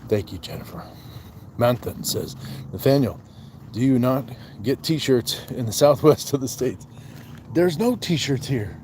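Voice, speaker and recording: This livestream host has a mellow, mid-range voice and takes his time, with slight background noise on the recording. In a joking, casual manner he welcomes viewers by name, reads their chat comments, and counts push-ups out loud.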